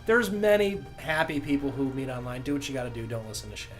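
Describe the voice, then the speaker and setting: A man's voice: medium pitch, fast talker, soft background music. A young man cohosting a comedy podcast, joking and teasing his co-host with a lot of laughter. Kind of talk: comedic banter.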